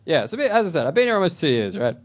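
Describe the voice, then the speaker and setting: A man's voice: fairly high pitch, big pitch swings, fast talker, over loud music. A man with an Australian accent doing a blunt, casual stand-up set in a comedy club, often checking in with the crowd. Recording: noisy live club recording.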